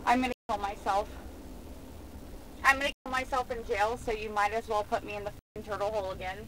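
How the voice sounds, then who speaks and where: A young woman being arrested, pleading, shouting and crying erratically, recorded on a police bodycam. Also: medium pitch, fairly even intonation, fast talker, low-quality recording. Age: young adult. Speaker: arrested driver. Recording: loud vehicle noise on a bodycam.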